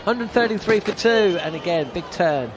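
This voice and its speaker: A man's voice: high voice, expressive, normal speed, a crowd in the background, noisy background. A man giving live ball-by-ball radio cricket commentary, chatty and wry.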